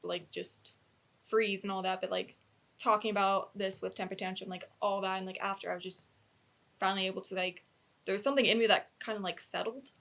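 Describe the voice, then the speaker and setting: A woman on a casual podcast, talking haltingly and filling gaps with "like.". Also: mid-range voice, fairly even intonation, creaky, fairly bright tone. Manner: halting, full of "like" fillers. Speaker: podcast co-host, dance company member.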